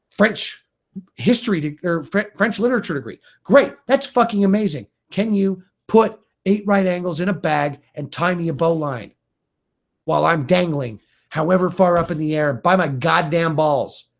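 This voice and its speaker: A middle-aged man delivering an angry, profane rant to camera as a video blogger, heated and exasperated. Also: high voice.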